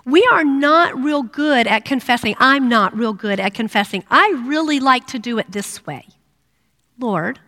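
A woman's voice: fairly high pitch, expressive, a little slow. Earnest woman preaching in a reverberant hall. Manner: earnest, drops to a hush for prayers. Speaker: women's ministry speaker. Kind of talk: sermon.

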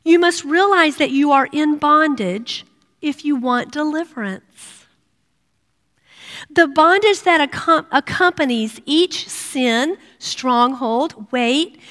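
A middle-aged woman giving a sermon to women, earnest and personal, dropping to a hush when she voices prayers. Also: high-pitched, slow pace. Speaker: women's ministry speaker. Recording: long reverb of a hall.

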